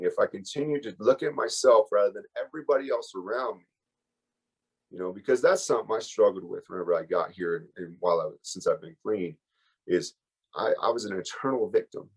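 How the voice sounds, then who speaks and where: A man's voice: fairly low pitch, a little mellow, breathy edge, low-quality recording. Candid, emotional man sharing his story. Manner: candid, emotional, rambling with fillers. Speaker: workshop speaker. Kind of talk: personal recovery share.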